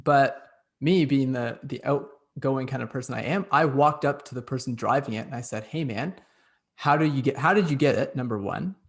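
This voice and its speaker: A man's voice: mid-range voice, normal speed. A young man hosting, telling a chatty, upbeat story full of "like". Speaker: host. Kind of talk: casual chat.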